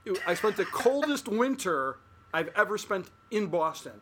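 A man's voice: high-pitched, very animated, moderate pace, background noise. A man co-hosting a podcast, chatting casually and telling rambling stories full of restarts. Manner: rambling storyteller, repeats and restarts. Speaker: podcast co-host. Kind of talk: casual chat.

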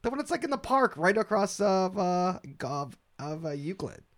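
A man's voice: sits high, sing-song, moderate pace. A man co-hosting a casual chat, teasing his friend and laughing often. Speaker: podcast co-host.

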